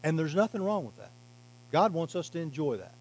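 A man preaching a sermon as pastor, emphatic, swinging from loud to quiet and slowing on key words. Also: a little high, animated, poor audio. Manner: emphatic preaching, varying loudness and pace.

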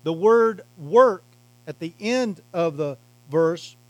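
A man preaching a sermon as pastor, emphatic, swinging from loud to quiet and slowing on key words. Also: high voice, lively intonation, no echo, poor audio. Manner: emphatic preaching, varying loudness and pace.

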